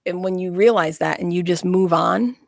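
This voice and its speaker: Woman, interview guest, blunt and frank, gravelly voice, dry close studio sound. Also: lowish voice, moderate pace, a little mellow, no echo. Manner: blunt, frank, self-mocking. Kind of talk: casual interview chat.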